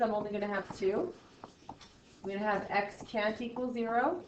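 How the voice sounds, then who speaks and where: A woman's voice: medium pitch, slight background noise. Chatty woman teaching math in an echoey classroom. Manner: chatty and playful, jokey asides, swings between loud and quiet. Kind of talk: classroom lesson, talking to students. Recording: echoey classroom, dull lo-fi sound.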